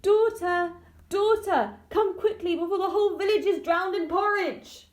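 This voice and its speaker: A woman voicing a flustered, greedy village mother in a storybook, crying out high and loud. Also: measured pace, roomy sound. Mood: panicked.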